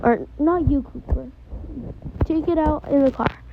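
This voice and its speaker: A strict, scolding mom in a homemade toy-game role-play, voiced by a girl and pitched high. She talks slowly and sternly, and picks on every word her kids say. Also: vocal fry, narrow, tinny audio, slight background noise. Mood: bossy. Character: strict scolding mother of the family.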